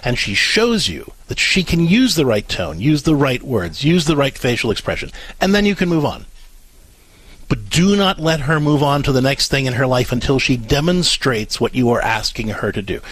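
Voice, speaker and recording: A man's voice: medium pitch, very animated, normal speed, fairly bright tone, breathy edge, no echo. A man co-hosting a call-in radio show, earnestly coaching a parent step by step and acting out what to say.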